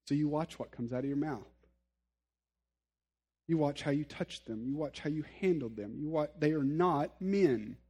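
A man preaching a sermon in a slightly higher voice than most men. He talks to the congregation like he is chatting with them, earnest and direct, with easy self-deprecating humor. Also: normal speed, darkish tone, breathy edge. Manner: addresses listeners directly, earnest. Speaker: pastor.

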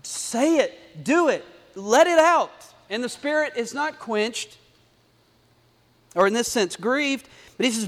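A man's voice: very high-pitched, animated, measured pace, a bit bright. A male pastor preaching a sermon, talking animatedly, repeating phrases and building to emphatic bursts. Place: church sanctuary. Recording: long hall reverb.

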